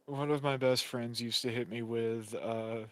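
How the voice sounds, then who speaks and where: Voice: medium pitch, fairly even intonation, a little slow, no echo. Podcast guest, casual storyteller, easy laugh, dry close recording. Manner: rambling storytelling, laughing easily. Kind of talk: casual chat.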